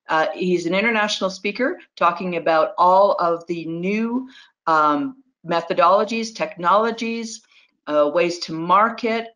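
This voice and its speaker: A woman's voice: lowish voice, fairly bright tone. Chatty woman moderating a webinar. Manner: friendly, chatty, with fillers. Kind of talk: introducing a webinar speaker.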